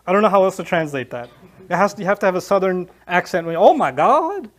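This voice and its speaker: Fast, animated male Quran lecturer. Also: high voice. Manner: animated storyteller, acts out scenes, laughs. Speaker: Islamic lecturer. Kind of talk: Quran lecture with retold scenes.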